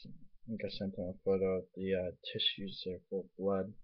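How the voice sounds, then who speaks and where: Still recovering from his nosebleed and tasting blood, the young vlogger rambles on at home and swears freely. This time his voice is low, slightly rough and flat, moving at a moderate pace, all captured on a dull lo-fi webcam.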